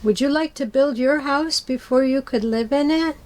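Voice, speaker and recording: A middle-aged woman telling a story to children, gentle and patient, asking them questions as she goes. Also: sits high, normal speed.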